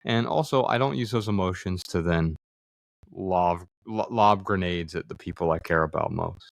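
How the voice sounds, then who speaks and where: Male guest, forties, low voice, dry studio sound, earnest reflective storyteller. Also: normal speed, vocal fry, no room sound. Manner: earnest, acts out quoted dialogue, frequent fillers. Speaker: podcast guest, author. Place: studio room with others present.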